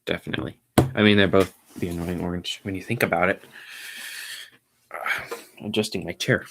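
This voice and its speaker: A man hosting his own podcast stream, rambling along casually in a low-key, somewhat mumbly way. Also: fairly even intonation, normal speed, gravelly, fairly bright tone, slight background noise. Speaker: podcast host. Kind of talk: casual solo livestream chat.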